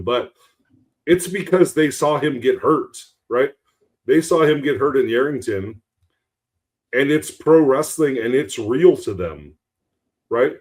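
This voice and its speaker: Man, podcast co-host, earnest, rambling, mid-pitched voice. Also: lively intonation, a little slow, long pauses. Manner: earnest, rambling, with many restarts. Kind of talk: casual podcast storytelling.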